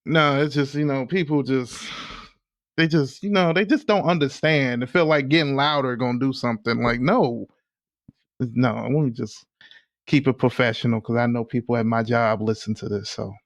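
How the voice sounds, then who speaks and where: Animated, cursing male co-host. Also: medium pitch, moderate pace, dry recording. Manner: animated, exasperated, profane. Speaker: podcast co-host. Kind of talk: casual podcast chat.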